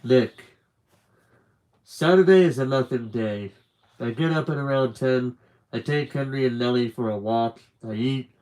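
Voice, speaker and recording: A man reads a novel aloud to a live audience, narrating in the first person. His delivery is earnest, plain and steady, at a middle pitch for a man. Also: normal speed, poor audio. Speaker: book reader. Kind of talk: live book reading.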